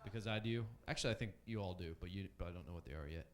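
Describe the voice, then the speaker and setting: A man's voice: sits low, very fast, slight background noise. A man in his thirties doing a loose, self-mocking stand-up set on a comedy club stage.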